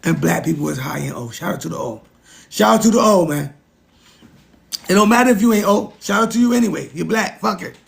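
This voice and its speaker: A man's voice: high voice, animated, brisk, vocal fry, a little hiss or hum. A man hosting a casual livestream, talking to his chat in an emphatic, repetitive way. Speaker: livestream host.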